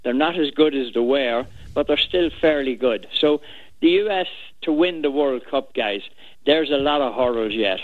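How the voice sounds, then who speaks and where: A man giving wry, measured soccer analysis as a guest pundit. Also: medium pitch, no echo. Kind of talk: sports analysis on air. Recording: tinny phone-like clip.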